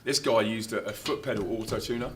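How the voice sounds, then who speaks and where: A man's voice: fairly low pitch, quick pace, a crowd in the background. A man chats casually as an interview guest, spinning stories from the road. He laughs easily and acts out quotes at full volume. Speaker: touring Christian musician, interview guest. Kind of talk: casual anecdotal storytelling.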